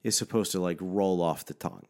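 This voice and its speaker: A man with a very low, deep voice tells a story in a loose, animated rant. He swears at nearly every turn and fills his sentences with "like". His delivery is casual and heated. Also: brisk, gravelly. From Philadelphia area. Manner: animated, swears constantly, heavy "like" fillers.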